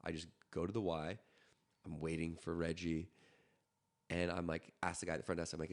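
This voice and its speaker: A man from Canada, a podcast guest, telling a story in a quick, animated way with frequent restarts. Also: sits low. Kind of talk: casual storytelling.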